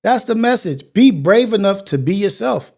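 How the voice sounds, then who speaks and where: High-pitched dude hosting a morning show, earnest and preachy, keeps repeating himself. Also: male voice, expressive, moderate pace, creaky, a little mellow. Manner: earnest, preachy, repetitive phrasing. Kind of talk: motivational monologue.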